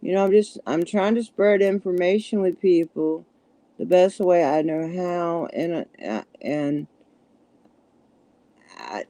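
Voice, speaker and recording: A woman's voice: on the low side, slow pace, pauses often, dark tone, dry recording. A middle-aged woman with a heavy Southern country accent, chatting casually on a livestream and sometimes stumbling over her words. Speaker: livestream host. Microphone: phone.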